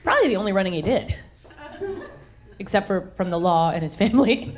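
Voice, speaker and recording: A woman from the American South doing a live stand-up comedy set on a handheld stage mic, brash, swinging her voice high and low for punchlines. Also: animated, brisk. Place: live comedy venue with audience. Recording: live show with crowd laughter. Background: audience laughter.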